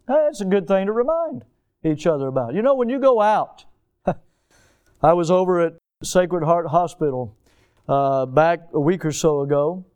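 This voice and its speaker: Southern man preaching, high clear voice, earnest with folksy asides, drops to a hush on key lines. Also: animated, a little slow. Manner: earnest preaching, swinging between emphatic peaks and hushed low passages; folksy storytelling with chuckles. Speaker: pastor. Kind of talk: sermon.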